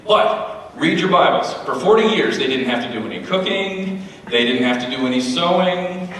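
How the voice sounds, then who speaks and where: A man's voice: high-pitched, a little hiss or hum. Wry man doing stand-up in an echoey hall. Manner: wry, deadpan asides. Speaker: comedian at a church. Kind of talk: stand-up comedy set. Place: church hall, live. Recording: echoey church hall, mic far off.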